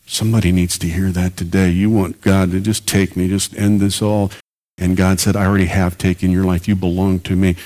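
A man's voice: low-pitched, little pitch movement, a little fast, warm tone. A man preaching a sermon as pastor and radio preacher, earnest and building to emphatic peaks.

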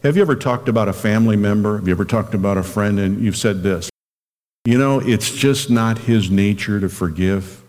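A man preaching a radio sermon as pastor, earnest and direct, slowing down and lifting his voice when he reads scripture. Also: fairly low pitch, a little mellow, big-room sound. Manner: earnest, slows down and lifts his voice reading scripture.

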